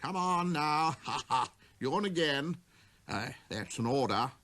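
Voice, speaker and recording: A man's voice: a little high, animated, takes it slowly, a bit bright, voice pushed up. A man playing a pompous, spluttering old king. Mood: flustered. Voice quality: spluttering, stammering, chuckling. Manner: grand, commanding delivery. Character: pompous, blustering old king, proud and fussy.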